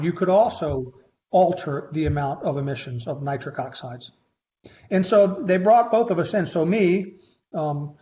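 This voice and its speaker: A man in his fifties, a faculty instructor telling stories in a conversational interview, with animated delivery and frequent restarts. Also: fairly high pitch. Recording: slightly muffled lo-fi recording.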